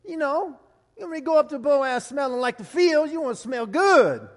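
A man's voice: extremely high pitch, sing-song, normal speed, in a large hall, voice pushed up. A man voicing a sassy older woman who fires off teasing, bossy orders to a young woman.

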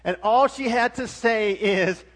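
A man's voice: high-pitched, unhurried, fairly bright tone. A middle-aged man preaching a sermon as pastor, emphatic with frequent restarts and swelling volume.

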